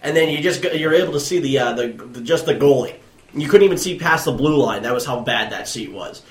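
A man telling a rambling story in casual chat, with many pauses and restarts. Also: medium pitch, lively intonation. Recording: echoey room.

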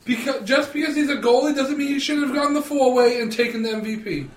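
A man's voice: very high-pitched, quick pace, recorded from a distance. A man on a casual podcast, joking and laughing often as he talks. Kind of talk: casual chat. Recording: echoey room, off mic.

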